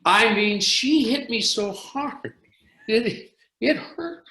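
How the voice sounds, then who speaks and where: An older man, an orchestra conductor, telling animated anecdotes in an interview with frequent restarts. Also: extremely high pitch, slow, heavy background noise. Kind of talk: storytelling interview. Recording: roomy echo.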